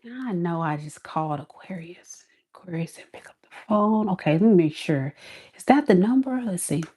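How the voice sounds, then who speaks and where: A woman's voice: medium pitch, expressive, moderate pace, warm tone, breathy edge. A woman voicing a panicked ex-partner calling a phone that nobody answers, frantic and muttering.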